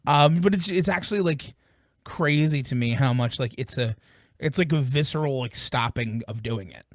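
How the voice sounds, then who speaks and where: A man's voice: medium pitch, normal speed, dry recording, studio quality. A man co-hosting a casual music review podcast, joking and rambling with plenty of fillers. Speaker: podcast co-host.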